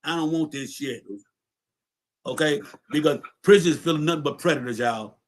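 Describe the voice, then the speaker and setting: Casting note: man, slightly high voice, streetwise storyteller, loose and profane. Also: moderate pace, a little hiss or hum. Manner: streetwise, profane, repeats words. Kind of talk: casual storytelling.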